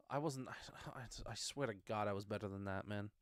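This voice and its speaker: A man's voice: fairly low pitch, brisk, hardly any pauses, smooth, no echo, clean studio sound. A young man streaming a game, chatting casually in an exasperated, grumbling way and swearing freely. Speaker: gaming streamer. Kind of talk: casual gaming chat.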